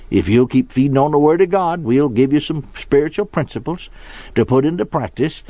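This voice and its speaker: Folksy preacher with a lively voice. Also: male voice, medium pitch, no echo. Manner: folksy storytelling preacher, acts out quoted voices. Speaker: pastor. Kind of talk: sermon.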